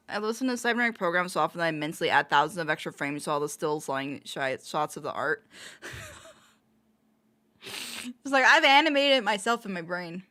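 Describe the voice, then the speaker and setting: A woman's voice: fairly low pitch, bright, forceful tone. A woman livestreaming casual chat, rambling and often laughing, with frequent self-interruptions.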